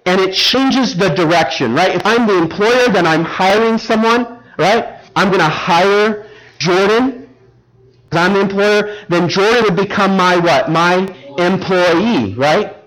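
A man's voice: sits high, a bit bright, poor audio. A man preaching a sermon, explaining Bible verses word by word and often asking the congregation if they are following along. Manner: engaging, repeatedly checks in with the congregation; teacherly, walks through Bible verses word by word. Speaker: pastor.

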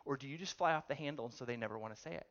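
A man's voice: mid-range voice, very fast, lo-fi sound. Storytelling preacher quizzing his audience. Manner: animated storytelling, asks the audience questions. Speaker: pastor. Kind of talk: sermon.

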